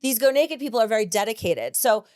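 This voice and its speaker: High-voiced woman hosting a podcast. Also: expressive, quick pace, a little mellow, slight background noise. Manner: blunt, profane, laughs often. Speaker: podcast host. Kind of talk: casual podcast chat.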